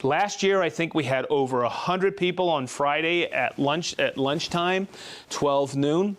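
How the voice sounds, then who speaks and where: High-voiced chatty male show host. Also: measured pace. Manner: chatty, reading out viewer names and hometowns; informal, with restarts and asides. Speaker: host of a live tool show. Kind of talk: live product demo and viewer shout-outs.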